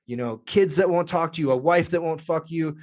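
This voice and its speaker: A man telling a story as a podcast guest, lively and profane. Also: on the high side, fairly quick. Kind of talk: casual storytelling.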